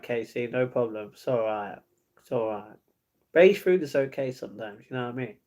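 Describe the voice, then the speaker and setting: A man chatting casually on a live stream, reading chat messages, laughing often and trailing off quietly. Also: fairly high pitch.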